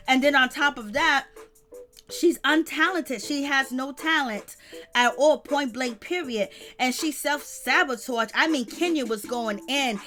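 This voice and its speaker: A woman's voice: high-pitched, measured pace, pushed and bright, faint music behind. A woman giving casual, slangy commentary and animatedly retelling what others said. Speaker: gossip vlogger.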